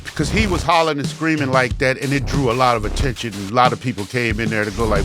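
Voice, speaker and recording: A man telling a personal story, vivid and animated, with repetitions and acted-out quotes. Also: mid-range voice, fast talker, hardly any pauses, over music. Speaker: storyteller and show host.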